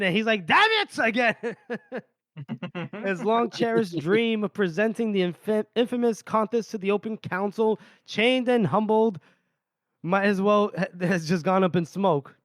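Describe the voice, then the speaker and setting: Man, fairly high voice, casual book recap, laughs a lot, dry sound. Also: moderate pace, no echo. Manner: laughs often while retelling, voices characters lightly. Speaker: podcast host. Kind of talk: casual book recap with read-aloud passages.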